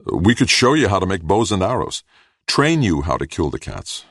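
A man's voice: low-pitched, sing-song, moderate pace, a bit bright, breathy edge, dry recording, voice pushed up, full character voice. A man reading aloud voices a weary, troubled man in an audiobook, speaking in earnest.

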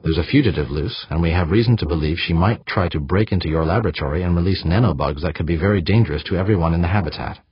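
A cool, unflustered woman official who talks smoothly and patiently, as if to a child. She is read by a man with a low, husky voice in a dry, slightly dull audiobook recording. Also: quick pace, few pauses, dry recording. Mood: patronizing.

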